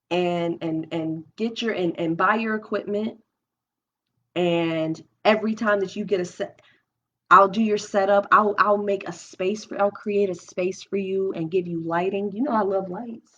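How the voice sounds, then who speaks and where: In a candid live stream from her home, a young woman works through her experiences emotionally, thinking aloud with many restarts. Her voice is medium-pitched and a bit bright, and the stream sound is dull and lo-fi.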